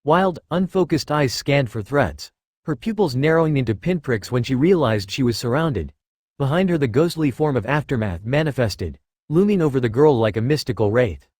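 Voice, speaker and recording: A man narrating fan fiction with a lively, rising and falling delivery. His voice is steady and expressive, and the recording is close and dry, with no room echo. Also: medium pitch, normal speed. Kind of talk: reading fan fiction aloud.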